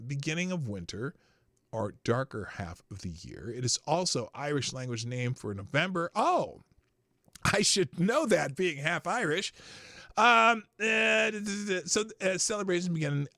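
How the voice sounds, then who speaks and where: Guy hosting a morning news stream, bright voice, dry close sound, rambly and casual. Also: fairly high pitch, no room sound. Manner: rambling, off-the-cuff, swears casually. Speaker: host. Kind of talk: casual live news commentary.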